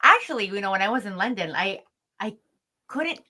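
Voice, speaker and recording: A woman's voice: medium pitch, expressive, fairly quick, sharp tone. A woman co-hosting a podcast, chatting casually and laughing easily, often restarting her sentences. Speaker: podcast co-host.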